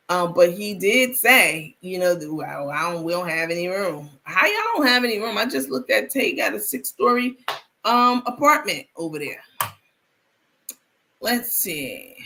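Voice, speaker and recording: A woman's voice: lowish voice, gravelly, pushed and bright, slight background noise. A woman hosting a live stream, chatting casually and reading viewer comments aloud with frequent restarts.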